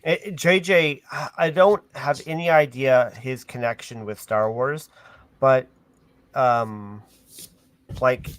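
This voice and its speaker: A man's voice: medium pitch, fairly even intonation, slow, no echo. A man hosting a casual discussion on a call, hesitant and full of ums and restarts. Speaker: host.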